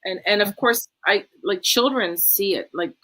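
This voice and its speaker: A woman guest talks with open enthusiasm, circling back to her points and tagging them with "right?". Her voice is bright and forward, with an everyday middle pitch. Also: normal speed. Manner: enthusiastic, repeats herself, says "right?" often. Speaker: interview guest. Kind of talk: casual chat.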